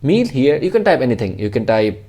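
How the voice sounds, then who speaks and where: Man, coding tutor, casual and profane, rambling, mellow voice. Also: mid-range voice, big pitch swings, brisk, breathy edge. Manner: rambling, swears freely, jokes with himself. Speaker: programming tutor.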